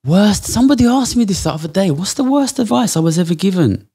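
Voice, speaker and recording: A man's voice: high voice, lively intonation, fast, vocal fry, warm tone, breathy edge. A man in his thirties from England, a podcast guest talking bluntly and passionately, swearing a lot. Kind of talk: casual interview talk.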